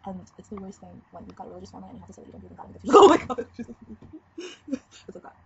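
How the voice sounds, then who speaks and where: Fast-talking rambling teenage girl vlogger. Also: mid-range voice, expressive, gravelly, a little mellow. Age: teens. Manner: rambling, giggly, frank. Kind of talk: casual confessional vlog. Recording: dull lo-fi webcam audio with faint noise.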